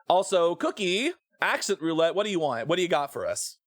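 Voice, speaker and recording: Male streamer, slightly high voice, loose casual chat to his viewers, dry close mic. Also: big pitch swings, brisk, no echo. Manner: chatty, filler-heavy, greets chat by name.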